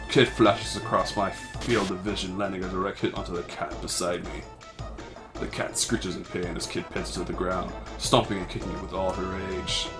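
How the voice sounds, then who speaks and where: A man reading a game's story text aloud in a halting, stumbling way, with self-mocking asides, recorded on a home mic. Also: low voice. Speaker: amateur voice actor reading a game. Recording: faint music behind.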